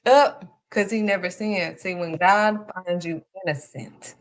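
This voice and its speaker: A woman with a fairly low voice gives a faith encouragement talk on her live stream. She hammers her points home by repeating them, leaning hard on the key words. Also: a little slow. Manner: emphatic, repeats key phrases. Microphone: streaming setup.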